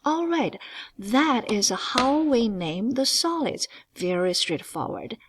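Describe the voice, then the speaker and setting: A woman teaches geometry in English with a non-native accent. She speaks slowly, stretching key words. Her pitch climbs and dips a lot as she stresses each term. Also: a little hiss or hum. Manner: emphatic, stretches key words, lively ups and downs. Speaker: math teacher. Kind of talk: geometry lesson walkthrough.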